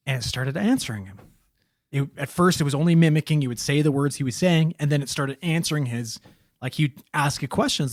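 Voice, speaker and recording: A man's voice: a little high, dry recording, studio quality. A man co-hosting a podcast, telling a story in a casual, profane, rambling way full of fillers.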